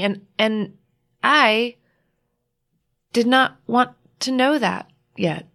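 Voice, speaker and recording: A married woman, a guest author, telling a personal story in a reflective, halting way, often restarting and quoting what others said. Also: mid-range voice, a bit bright. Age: adult, married with a child.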